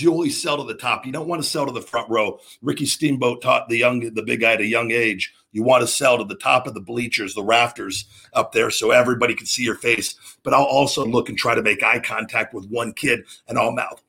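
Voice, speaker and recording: A brash man talks to his audience in a gravelly, husky voice, cursing freely. He hosts the show himself and speaks off the cuff about wrestling. He acts out moves with building energy. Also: medium pitch, fairly even intonation, brisk, few pauses, sharp tone. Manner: profane, brash, swears constantly. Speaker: podcast host and pro wrestler. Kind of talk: unscripted solo talk.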